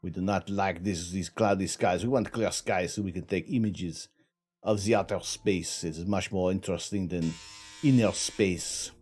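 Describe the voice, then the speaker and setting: A man's voice: low-pitched, moderate pace, darkish tone, breathy edge. A man putting on an overblown, mock French voice for a joke while livestreaming. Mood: mock snooty. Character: pompous fake-French man, hammy.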